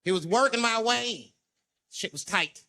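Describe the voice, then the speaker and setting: A man doing stand-up, telling a profane story in a high voice that swings up and down. His tone is bright and sharp, and he acts out everyone's voices as he goes. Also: measured pace. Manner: animated storytelling, acting out people's voices; profane and conversational. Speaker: stand-up comedian. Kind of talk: stand-up comedy routine.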